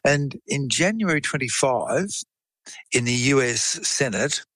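This man tells a science case story conversationally, explaining things in a chatty manner and performing the quoted speech himself. He sounds animated and unhurried, with a medium pitch and a fairly bright tone, captured in a dry, poor-quality recording.

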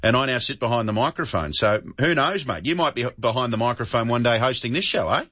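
An Australian radio host chats easily with callers, friendly and quick to call them mate. His voice is bright and forceful. The broadcast sound is a little dull. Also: medium pitch, animated. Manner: chatty, friendly, says mate often. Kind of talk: talkback radio chat.

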